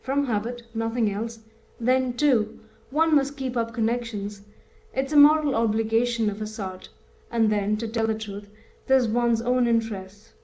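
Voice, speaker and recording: A woman voicing an older male country landowner in an audiobook, calm, resigned and sure of his views. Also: on the high side, unhurried, close to an everyday voice, low-quality recording.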